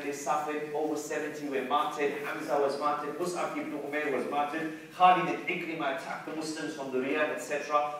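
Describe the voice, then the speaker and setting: Lively man lecturing in an echoey room. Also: a little high, a little hiss or hum. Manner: lively, questions the students and calls out key lines. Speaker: Islamic teacher. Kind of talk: classroom lecture. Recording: echoey room, distant mic.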